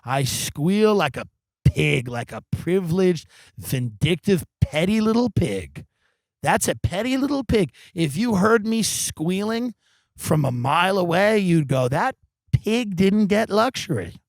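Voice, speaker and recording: Profane, theatrical comedian ranting. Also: male voice, high voice, sing-song, unhurried, no room sound. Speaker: podcast host. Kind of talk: comedic monologue rant. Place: backyard of a rental house. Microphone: studio microphone.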